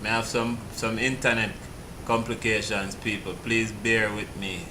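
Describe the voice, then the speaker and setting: Slow laid-back man. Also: fairly low pitch, flat delivery, background noise. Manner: laid-back, chatty, laughing at the clip. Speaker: vlog host. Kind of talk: casual reaction commentary.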